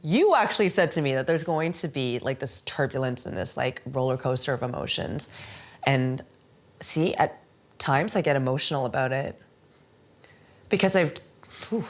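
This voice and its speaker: A woman's voice: extremely low pitch, moderate pace. A woman in her forties talking candidly in an interview, emotional and laughing often, with many "like"s and "right?"s. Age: 40s. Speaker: amateur Muay Thai fighter.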